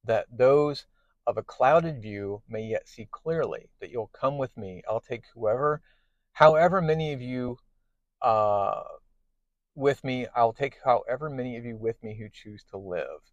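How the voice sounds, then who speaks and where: A man reading the lines of an earnest, hopeful male superhero, a little halting. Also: medium pitch, no echo, dull audio, lightly acted.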